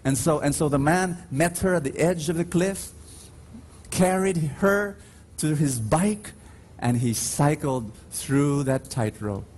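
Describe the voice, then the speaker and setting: A preacher at Mass, his voice a little high and darkish in tone with lively intonation, delivers a sermon in a large church. He is emphatic and calls out to the congregation in call-and-response, telling his stories slowly and drawing them out with dramatic rises.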